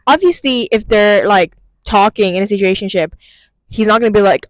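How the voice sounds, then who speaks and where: A woman's voice: medium pitch, normal speed, no echo, low-quality recording. A young woman co-hosting a podcast, talking through gossip in a chatty, casual way full of fillers. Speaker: podcast co-host. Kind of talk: casual chat.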